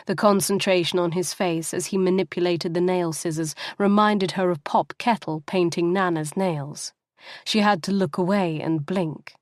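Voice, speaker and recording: A woman narrates a novel as an audiobook in a low, even voice. Her reading is measured and steady. The recording is dry and close. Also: dry recording. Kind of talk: scripted narration.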